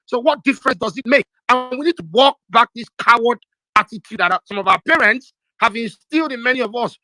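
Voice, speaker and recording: A man's voice: very high voice, brisk, pushed and bright, dry recording, poor audio. A young Nigerian man with a Nigerian accent, hosting a live audio chat room and arguing with emotion and force. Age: young adult. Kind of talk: heated live debate.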